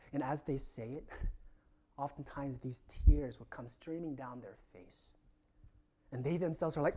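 A man's voice: on the high side, expressive, normal speed, mellow. A male pastor preaching a sermon in an earnest tone, often letting phrase endings fall to a near-whisper.

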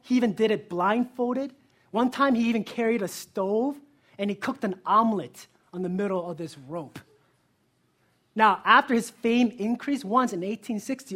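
Man, pastor, sermon, breathy husky tone, earnest, direct questions to the congregation. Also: high-pitched. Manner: lively storytelling.

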